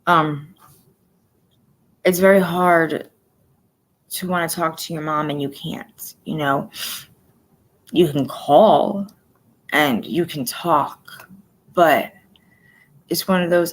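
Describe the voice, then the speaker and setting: A woman in her forties giving a personal livestream update, soft-spoken and halting, often dropping to a near-whisper. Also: low voice, poor audio. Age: 40s. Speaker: livestream host.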